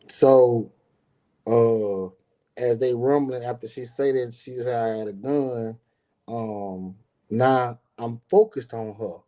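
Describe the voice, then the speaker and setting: Man telling a street story, worked up. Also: medium pitch. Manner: animated, acts out quotes, frequent fillers and profanity. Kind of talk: casual storytelling.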